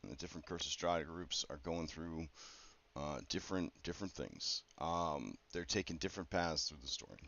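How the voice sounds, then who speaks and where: A man working as a game master, talking casually through his campaign prep in a rambling, conversational way with many fillers and quick asides. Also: extremely low pitch, vocal fry, a bit bright. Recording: dull, dry lo-fi recording.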